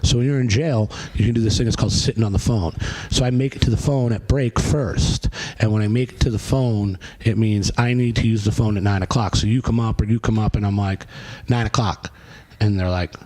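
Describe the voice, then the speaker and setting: Poor audio captures this man's fairly low, brisk voice with hardly any pauses. He's a hardcore singer on a podcast, casually spinning a long, profane yarn and animatedly voicing the quotes of people in it.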